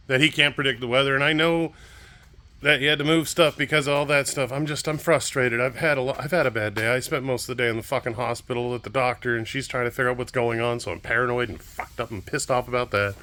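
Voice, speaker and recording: A man's voice: medium pitch, fast talker, bright, forceful tone, dry recording. Fed-up guy venting on his vlog, cussing a lot, normal mid voice. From Kansas, United States. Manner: frustrated, swearing, ranting. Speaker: vlogger.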